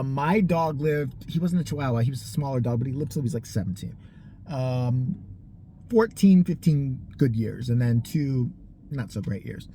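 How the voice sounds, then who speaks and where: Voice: medium pitch, slight background noise. A tired person in their thirties telling a rambling, profane story in a casual vlog. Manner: profane, animated, tangent-prone. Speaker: storytime vlogger.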